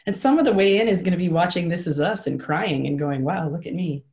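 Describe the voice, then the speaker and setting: A woman co-hosting a group session over a video call, chatting in an animated, rambling way with laughs and self-corrections. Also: fairly low pitch, fast. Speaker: co-host leading the session. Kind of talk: casual chat on a video call.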